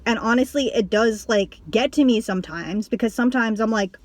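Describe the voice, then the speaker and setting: A woman YouTuber talking casually to camera, rambling, with lots of "like" and quick restarts. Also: a little high, no room sound. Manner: rambling, heavy use of "like", acts out others in a raised voice. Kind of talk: casual vlog talk to camera.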